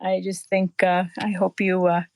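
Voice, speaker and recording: A woman's voice: lowish voice, completely flat delivery, normal speed, gravelly. A woman chatting casually on a live pet show, effusive and laughing as she talks. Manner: warm, gushing, laughs while talking. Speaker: podcast co-host.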